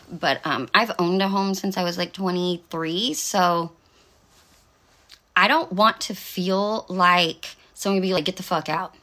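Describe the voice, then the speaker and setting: A woman's voice: on the low side, bright, forceful tone. A middle-aged woman telling a rambling, sarcastic story in a casual vlog rant, full of profanity and fillers. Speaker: vlog host.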